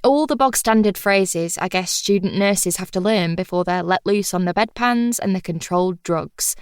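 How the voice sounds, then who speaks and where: A woman's voice: on the low side, normal speed, few pauses, clear, resonant tone, no room sound, clean studio sound. A woman reading a first-person audiobook in a wry, chatty, confiding manner. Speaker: audiobook narrator.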